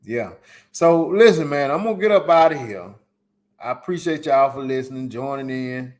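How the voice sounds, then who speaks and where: A man's voice: medium pitch, lively intonation, normal speed. A man hosting a solo live podcast, giving emphatic, repetitive advice in casual slang. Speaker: podcast host. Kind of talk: solo live-stream commentary.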